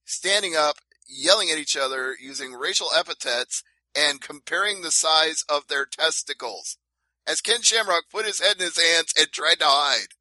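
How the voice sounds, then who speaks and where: A man's voice: a little high, normal speed, pushed and bright, no echo, low-quality recording. A man co-hosting a casual fight-sports podcast, laying out events step by step with emphasis. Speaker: podcast co-host. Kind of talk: casual MMA talk.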